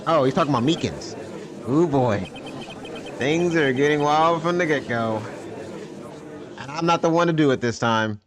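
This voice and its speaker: A man's voice: fairly high pitch, moderate pace, long pauses, crowd noise. A young man streaming a game, commenting in a joking, slangy, loose way. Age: young adult. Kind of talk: casual live game commentary.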